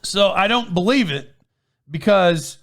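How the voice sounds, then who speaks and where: Man, podcast host, casual storytelling, slightly high voice, rambling, laughing often, foam-covered mic. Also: measured pace. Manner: rambling, animated, with frequent laughs and restarts. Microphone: microphone with foam windscreen.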